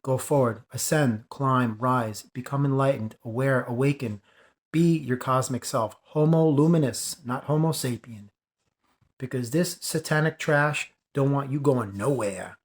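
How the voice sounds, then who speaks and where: A man's voice: medium pitch, a little slow. A man delivering an impassioned spiritual monologue, preachy and emphatic, driving points home by repeating phrases. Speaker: spiritual video creator.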